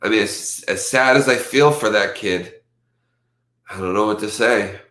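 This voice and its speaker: A man hosting a casual livestream, rambling and lively when he quotes others, with his allergies acting up. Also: fairly low pitch, measured pace, roomy sound. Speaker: livestream host.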